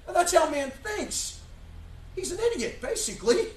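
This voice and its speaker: A man pastor preaching a sermon, emphatic and full of rhetorical questions, at times shouting. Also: very high-pitched, big pitch swings, moderate pace, a little hiss or hum. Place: church sanctuary. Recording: echoey church room from far off.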